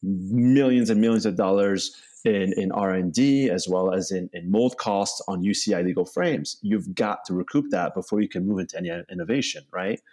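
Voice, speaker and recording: A man's voice: low voice, normal speed, a little mellow. Man rambling with lots of fillers. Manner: rambling, many "you know" and "right?" tags. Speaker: bike company co-founder, guest. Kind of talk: casual interview talk.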